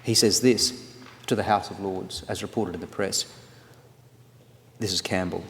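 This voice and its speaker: A man in his forties giving a formal, scholarly lecture on legal history, measured and read from a paper. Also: fairly low pitch, steady tone. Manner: measured, scholarly delivery with occasional restarts. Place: large lecture hall. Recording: long reverb of a lecture hall.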